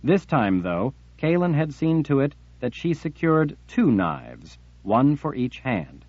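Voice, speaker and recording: A man reading an audiobook in a steady, measured way. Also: medium pitch, dry recording, dull audio. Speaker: audiobook narrator. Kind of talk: audiobook narration.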